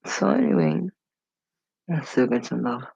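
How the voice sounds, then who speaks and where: A woman rambles through her stories at an unhurried pace, her voice heavily gravelly with fry. She slips into the voices of the people she describes. The sound is dull and lo-fi, and dry with no room echo. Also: extremely low pitch, big pitch swings, mellow. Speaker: storyteller. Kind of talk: casual storytelling vlog. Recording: dull lo-fi recording.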